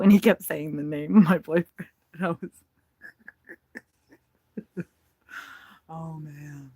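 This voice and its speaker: A woman's voice: sits low, steady tone, measured pace, pauses often, a little mellow, dry recording. A woman chatting casually as she watches birds at her feeders, giggling and swearing freely as she goes. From United States. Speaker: bird-watching vlogger. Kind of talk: casual running commentary. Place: RV at a campground.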